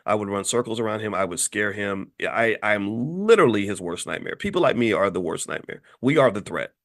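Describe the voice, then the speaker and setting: A man's voice: on the low side, fairly quick. A man hosting his own channel, giving a heated unscripted opinion monologue, repeating points and stumbling over words as he gets worked up. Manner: emphatic, repetitive, rising and heated when animated. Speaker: channel host, finance commentator.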